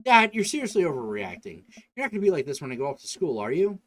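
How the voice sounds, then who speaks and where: A man's voice: a little high, big pitch swings, fast, fairly bright tone. A man voicing a defensive teenage girl in a video game, talking back in a raised voice. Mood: defiant. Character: sulky teenage girl, defensive and eye-rolling.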